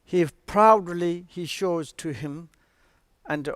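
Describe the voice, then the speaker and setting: Slow-speaking male teacher. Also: a little high, no echo. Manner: halting non-native English with fillers. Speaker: Buddhist teacher. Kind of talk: storytelling teaching. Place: online stream.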